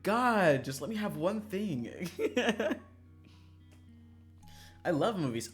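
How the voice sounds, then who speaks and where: A game streamer chatting while playing a visual novel, swinging between loud rants and quiet mumbles, swearing freely and laughing often. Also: mid-range voice, very animated, very slow, pauses often, soft background music.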